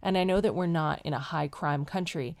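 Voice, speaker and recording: A woman from the United Kingdom hosting a podcast, chatty and animated, casually telling a travel story while ill. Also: deep voice, fairly quick.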